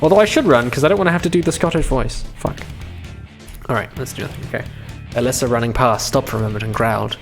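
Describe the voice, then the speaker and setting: A man's voice: medium pitch, quick pace, soft background music. A young man live-streaming a visual novel, reading the text aloud and breaking off into chatty, profane commentary.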